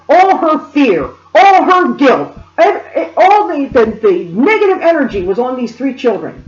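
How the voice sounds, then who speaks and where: Woman speaker, higher voice, animated storyteller, roomy lo-fi sound. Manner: animated, addresses listeners directly. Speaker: spiritual reader and speaker. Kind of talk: storytelling monologue.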